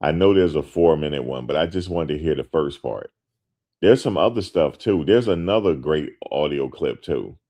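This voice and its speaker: A man's voice: rumbling low, animated, moderate pace, dark tone, muffled recording. A man hosting a show, talking casually and emphatically to his viewers, repeating his points with lots of slang. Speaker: host.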